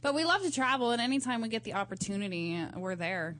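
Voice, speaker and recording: A woman's voice: on the high side, expressive, fast talker, fairly bright tone. A woman co-hosting a radio call-in show, chatting casually in a brash, teasing way into a studio mic.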